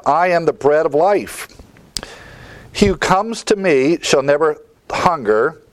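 With a mid-range voice, a man teaches expository Bible lessons conversationally. He repeats key words for emphasis and rattles off lists of verse references.

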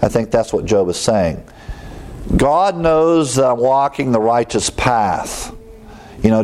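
A man's voice: mid-range voice, creaky, darkish tone. A man preaching a Bible teaching sermon, explaining scripture in a conversational way with fillers and asides.

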